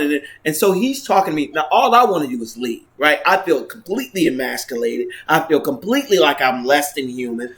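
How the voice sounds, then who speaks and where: A man vlogging to camera, earnestly retelling a personal story, with halting restarts and frequent "right?" checks. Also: on the high side, sing-song, fairly bright tone. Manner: earnest, retelling events with frequent 'right?' tags; halting restarts and repeated words.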